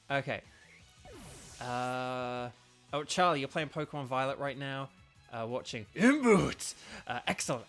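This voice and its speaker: A man's voice: medium pitch, a bit bright. A man streaming a video game, chatting casually and rambling as he reads viewer comments aloud. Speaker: streamer and voice actor.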